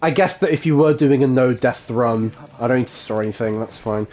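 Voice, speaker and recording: A man's voice: medium pitch, fairly quick, darkish tone. A man chatting casually while live-streaming a game, laughing often and swearing offhandedly. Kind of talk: casual live gameplay commentary.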